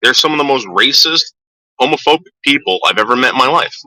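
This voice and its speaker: A man's voice: mid-range voice, expressive, fast, bright, forceful tone, no room sound, poor audio. A middle-aged man ranting casually to his viewers, swearing a lot and stumbling over repeated words. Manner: profane, stammering repeats. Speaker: vlogger. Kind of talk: casual rant.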